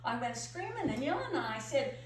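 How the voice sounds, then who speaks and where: A middle-aged woman telling a story in first person as a pioneer woman, expressive and emotive. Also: sits high, brisk. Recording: echoey room from far off with faint hum.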